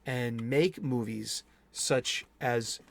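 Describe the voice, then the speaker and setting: A man's voice: mid-range voice, drawn-out words, vocal fry. A man talking casually about a horror movie on his own channel, rambling with restarts and asides. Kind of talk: casual movie review monologue.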